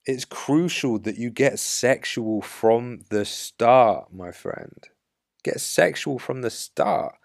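Slow, gravelly-voiced man coaching bluntly. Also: medium pitch, animated, no room sound, studio quality. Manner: assertive, blunt, emphatic coaching delivery. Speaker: dating coach podcast host. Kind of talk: podcast monologue giving dating advice.

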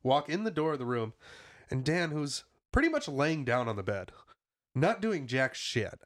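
A man in mid-story on a casual podcast, animated and loose with his swearing. He laughs through his own lines as he builds the tale. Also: medium pitch, normal speed. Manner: animated, profane, laughs while telling. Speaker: podcast co-host.

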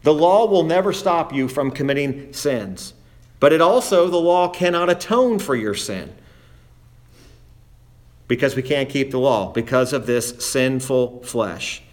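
Male preacher, verse-by-verse sermon; emphatic, slows for stress, quotes old-style scripture. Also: medium pitch, animated. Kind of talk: expository sermon.

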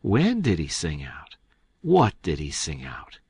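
A man's voice: fairly low pitch, very animated, moderate pace, breathy edge, no echo, heavily acted. A man voicing a clever, scheming boy who plays innocent with mock-puzzled questions. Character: Tom Sawyer, clever boy, playing innocent.

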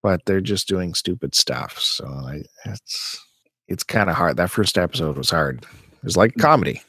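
A man with a fairly low voice co-hosts a casual podcast chat, recorded dry and close. He talks easily and breaks into animated, exasperated rants. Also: normal speed, breathy edge, dry recording. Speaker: podcast co-host.

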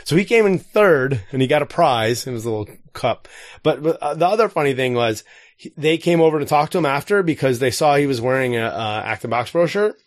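Casual male podcast co-host, forties, middle pitch, dry close sound, rambles and acts out quoted lines. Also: expressive, brisk, dry recording. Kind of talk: casual chat.

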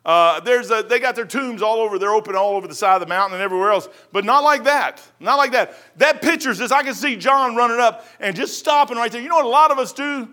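Animated high-voiced preacher. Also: male voice, fast, hardly any pauses. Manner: animated, acts out voices in anecdotes. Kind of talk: folksy sermon storytelling.

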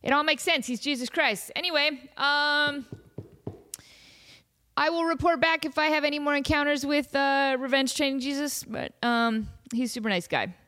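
Woman, podcast host, casual storytelling, slightly high voice, giggly, animated. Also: normal speed. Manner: giggly, animated, laughs often mid-sentence.

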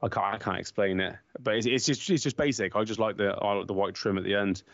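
A young man co-hosting a casual football podcast, swearing freely and telling animated stories full of banter. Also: on the low side, fast, vocal fry, no echo, dull audio. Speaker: podcast co-host.

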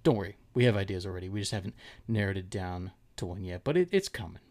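A man's voice: low-pitched, expressive, fast talker, darkish tone. A man co-hosting a podcast in casual chat, rambling, laughing often and trailing off while searching for names. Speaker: podcast co-host.

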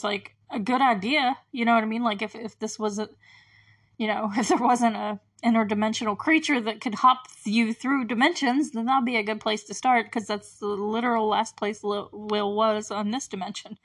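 A woman's voice: mid-range voice, a bit bright. A woman hosting a podcast, recapping a TV episode in a casual, chatty way with lots of fillers and frequent laughs between remarks. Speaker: podcast host.

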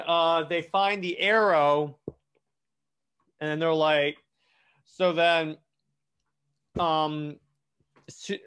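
A man's voice: a little high, a bit bright, clean tone. A man casually retelling a comic storyline, rambling with many restarts and false starts. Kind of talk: casual comic plot recap.

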